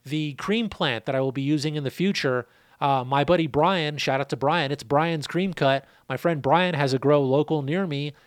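A seed breeder hosting his own channel answers a viewer's question in a laid-back way, cursing occasionally and running through figures. His voice is a little high and his pace moderate. The sound is clean studio audio with no echo.

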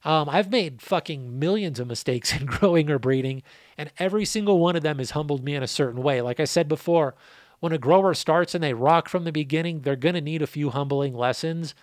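A man's voice: on the high side, fairly quick, dry recording, clean studio sound. Laid-back profane man with a worn voice. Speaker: podcast host. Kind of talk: casual podcast Q&A.

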